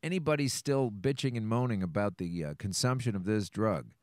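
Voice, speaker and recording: A man's voice: fairly low pitch, lively intonation, fairly quick, dry recording. Blunt guy hosting a podcast, bouncy up-and-down voice, dry close sound. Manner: blunt, opinionated, sweary. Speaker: show host. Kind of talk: casual podcast commentary.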